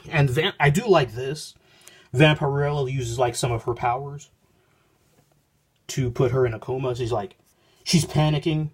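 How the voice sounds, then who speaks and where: Husky-voiced man rambling through a comic review. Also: medium pitch, measured pace, darkish tone. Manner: rambling, self-interrupting, paraphrases dialogue loosely. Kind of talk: casual spoken review, reading panels aloud. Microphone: phone.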